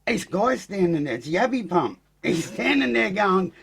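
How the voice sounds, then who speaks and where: A man with an Australian accent, a podcast guest telling an animated story full of swearing and acted-out quotes. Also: high voice, moderate pace, creaky, slightly rough. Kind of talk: casual storytelling.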